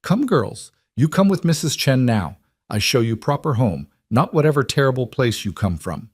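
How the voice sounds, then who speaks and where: A man voicing a brisk, motherly Chinese cook in her fifties who scolds in clipped broken English. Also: mid-range voice, sing-song, breathy edge, no echo, studio quality, voice pushed up. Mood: bossy warm. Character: bustling motherly older Chinese cook woman.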